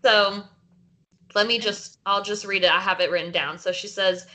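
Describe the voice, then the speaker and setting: Bright-voiced woman in casual chat. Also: medium pitch, steady tone, moderate pace. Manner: chatty, many likes and restarts. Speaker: podcast co-host leading a song discussion.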